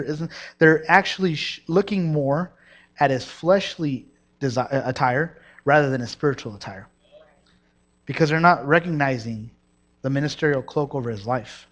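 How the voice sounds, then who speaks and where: Energetic young preacher, fairly high voice. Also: male voice, moderate pace. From Mexico. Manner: energetic, storytelling, with many restarts and asides to the congregation. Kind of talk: sermon.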